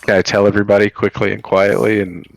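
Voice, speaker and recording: A man's voice: fairly low pitch, flat delivery, fast, gravelly, slight background noise, low-quality recording. A man playing in a tabletop game over a call, talking casually and thinking aloud. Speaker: player.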